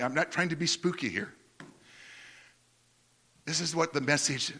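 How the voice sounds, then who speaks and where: A male preacher giving a sermon, telling stories in an animated way with frequent restarts and repeated words. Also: a little high, normal speed, long pauses, breathy edge.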